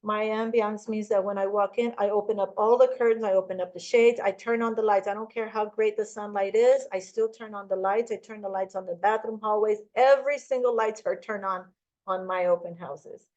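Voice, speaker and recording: A woman's voice: medium pitch, steady tone, a little fast, darkish tone, highs cut off. A woman giving a casual real estate training talk, chatty and rambling, with many restarts and personal stories.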